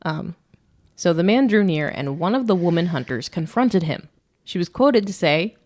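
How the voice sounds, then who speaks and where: A woman's voice: low-pitched, expressive, moderate pace, darkish tone. A woman co-hosting a podcast, reading a story aloud and breaking off for joking asides. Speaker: podcast co-host.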